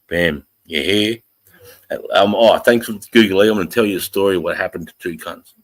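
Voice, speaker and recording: A very deep-voiced Australian man in his forties talks casually on a livestream, swearing freely. He reads out the chat and greets viewers as brother in a blunt, friendly way. The sound is close and dry, with no room around it. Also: normal speed, no echo, rough recording. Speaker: livestream host reading chat.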